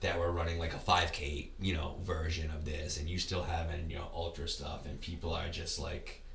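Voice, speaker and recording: A man's voice: extremely low pitch, flat delivery, moderate pace, gravelly, a bit bright, echoey room, recorded from a distance, a little hiss or hum. A man talking as a podcast guest in casual conversation, rambling and often restarting his words. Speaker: podcast guest, ultra race runner.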